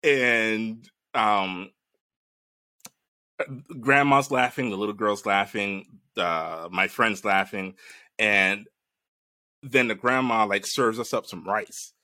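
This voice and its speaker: A man in casual chat recounting a strange dream, animated and laughing, swearing freely. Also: fairly low pitch, takes it slowly, pauses often, no echo, studio quality.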